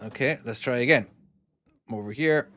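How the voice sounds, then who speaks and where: A man's voice: mid-range voice, normal speed, a bit bright, dry recording, studio quality. A man, casually chatting on a live stream while playing his own trucking game and reading out viewer comments. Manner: chatty, easily distracted, reads comments aloud.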